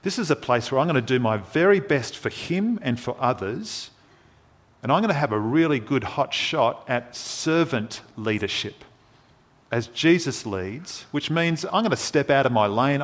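An earnest male preacher delivering a sermon at a measured pace. He pauses for effect between phrases. His voice sits at a middle pitch.

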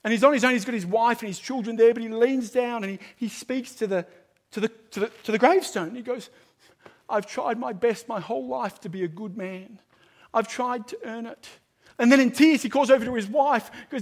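A man preaching an evangelistic sermon to a live audience, building to loud, emphatic proclamations and then dropping to a hushed, earnest appeal. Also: very high-pitched, normal speed. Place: large room with a live audience.

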